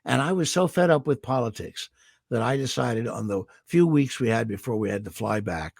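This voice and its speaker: An older man from Indiana, a guest voice actor telling animated stories about his life on a video call. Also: medium pitch, moderate pace, creaky, no echo, studio quality. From Indiana, USA. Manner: animated storyteller, slips into character voices for quotes. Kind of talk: anecdotal storytelling.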